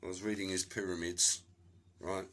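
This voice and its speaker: A man's voice: deep voice, little pitch movement, normal speed, fairly bright tone, slight background noise, poor audio. Angry swearing Englishman ranting. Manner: angry, profane, accusatory ranting. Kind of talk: rambling monologue to camera.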